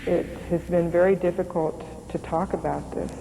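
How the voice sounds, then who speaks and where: A woman, a former radar operator, giving halting documentary testimony with many pauses and fillers, over music. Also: fairly low pitch, steady tone, creaky, noisy background. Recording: music underneath.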